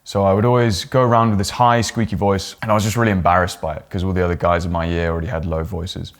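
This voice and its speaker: A man's voice: flat delivery, fast. A young man teaching a lesson straight to camera on how to speak with more expression. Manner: demonstrates exaggerated pitch swings and rising or falling inflection. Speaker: presentation coach. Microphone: talking straight to camera.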